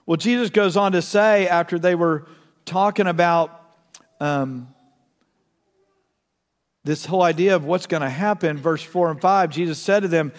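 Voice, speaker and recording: A middle-aged man preaching a sermon as pastor, telling a story earnestly and swinging from soft asides to loud, urgent peaks. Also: a little high, moderate pace, pauses often. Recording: long reverb of a large hall.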